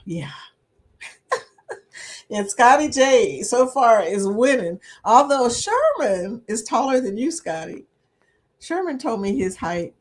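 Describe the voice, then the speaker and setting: A woman's voice: on the high side, big pitch swings, takes it slowly, long pauses. A woman hosting a casual livestream chat, laughing often and reading viewer comments aloud. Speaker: livestream host.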